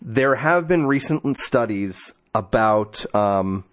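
A man's voice: fairly low pitch, lively intonation, slow pace. A man co-hosting a podcast in casual chat, talkative and wry, explaining at length. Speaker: podcast co-host.

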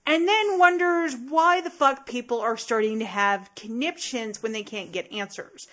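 A female podcast co-host with a voice pitched a little high. She talks emphatically and bluntly, dropping swear words freely into a casual chat. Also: unhurried, fairly bright tone.

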